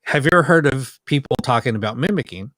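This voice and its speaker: Man, podcast co-host, casual storytelling, acts out quotes, middle pitch, dry close sound. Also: quick pace, dry recording, rough recording. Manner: animated, acts out quoted dialogue. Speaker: podcast co-host, paranormal investigator.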